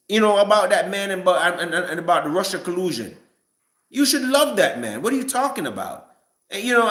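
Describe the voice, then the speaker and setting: A live-stream commentator rants casually to his chat, rambling through his opinions and often stammering and restarting. His voice is high-pitched with a sharp tone, and the recording sounds reverberant.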